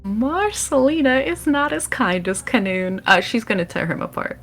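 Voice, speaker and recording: Chatty woman player with a gravelly voice. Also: a little high, expressive, normal speed, fairly bright tone, faint music behind. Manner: chatty, hesitant, lots of fillers. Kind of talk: casual tabletop role-play.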